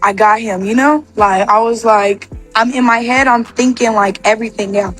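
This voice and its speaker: A young woman speaks in a bright, high register, spilling out a personal story in loose storytime fashion. Her sentences are padded with "like" and restart often. Faint music sits underneath. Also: steady tone. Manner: rapid, filler-heavy with constant "like". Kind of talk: casual storytime.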